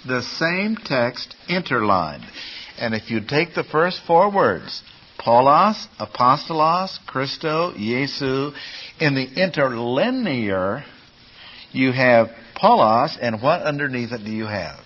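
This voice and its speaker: A man's voice: mid-range voice, very animated, slow pace, a bit bright, highs cut off. A man teaching a class on Bible Greek, explaining patiently step by step and putting questions to his listeners. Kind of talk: classroom lecture.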